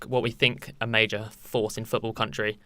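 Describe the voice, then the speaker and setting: A man's voice: fairly low pitch, flat delivery, moderate pace, pushed and bright, clear, resonant tone. A man from England hosting a casual football podcast, opinionated and blunt. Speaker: podcast host.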